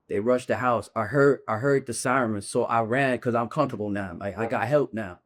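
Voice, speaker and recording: Medium-pitched and brisk, with few pauses, a bare-knuckle fighter urgently relives a painful memory as a podcast interview guest, regularly checking in with "you feel me" as he earnestly tells it.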